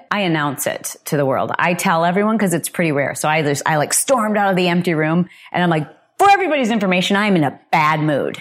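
A woman hosting a casual solo podcast, talking in a chatty, expressive way with lots of "like" fillers. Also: fairly low pitch. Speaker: podcast host.

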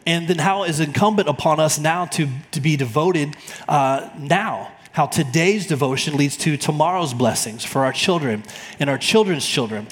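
A man in his forties, a pastor, opening his sermon in a relaxed, chatty way with some fillers and restarts. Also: a little high, normal speed. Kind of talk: friendly sermon introduction. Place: church auditorium. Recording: long church hall reverb.

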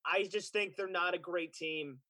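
A man's voice: high voice, a little slow, pushed and bright, dry recording. A man co-hosting a sports betting podcast, chatting confidently about his picks. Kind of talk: casual sports betting chat.

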